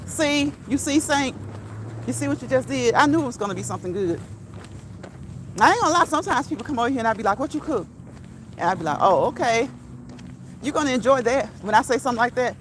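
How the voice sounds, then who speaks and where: A woman's voice: on the high side, big pitch swings, fast talker, long pauses, a bit bright, a little hiss or hum. A woman hosting a casual live stream outdoors while walking, chatting with viewers, reading their comments aloud and laughing often. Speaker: livestream host.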